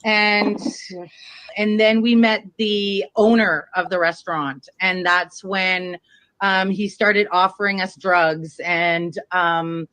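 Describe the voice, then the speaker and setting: A woman's voice: mid-range voice, level tone, slow, fairly bright tone, no echo. A woman telling a long story in casual chat, rambling and swearing, with many fillers. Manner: rambling, profane, lots of fillers.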